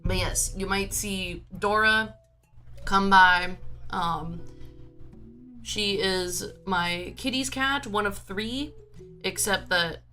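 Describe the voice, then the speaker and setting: A woman's voice: medium pitch, slow pace, bright, forceful tone, faint music behind. A woman streaming from home in a casual, rambling chat, full of filler words and restarts. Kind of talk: casual chatty livestream talk.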